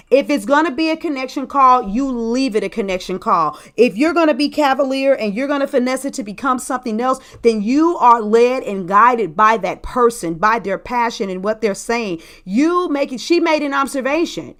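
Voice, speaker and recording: Female podcast host, sales coach type, chatty and emphatic, slightly high voice. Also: lively intonation, moderate pace, few pauses, fairly bright tone. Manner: emphatic, chatty, talks straight to listeners. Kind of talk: casual podcast monologue.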